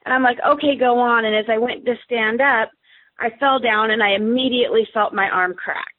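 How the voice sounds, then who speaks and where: A woman's voice: on the high side, a little fast. A woman guest telling a story in casual chat, acting out what people said. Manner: lively, acts out quoted dialogue. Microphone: phone. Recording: tinny phone line.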